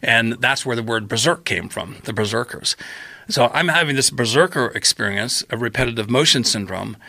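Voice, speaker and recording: A man tells a sprawling story as a podcast guest, jumping into animated quoted voices as he goes. His voice has a gravelly, fried texture and a bright, tense edge. The sound is dry and close, with no room around it. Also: medium pitch, moderate pace, no echo. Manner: animated storyteller acting out his own past lines. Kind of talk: storytelling in casual chat.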